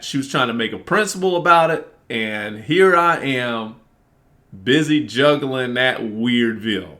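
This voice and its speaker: A man venting to the camera in a casual monologue, cursing freely and acting out both sides of an argument in an animated way. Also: medium pitch. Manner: animated, profane, reenacts arguments. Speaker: vlogger.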